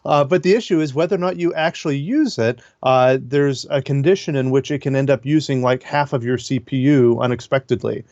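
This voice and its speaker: A male tech guest with an average-pitched voice who explains things casually and slips in dry, sarcastic asides. His voice comes through a dull, muffled line with no room sound. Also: fairly quick, few pauses, a little mellow, no room sound. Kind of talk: casual interview.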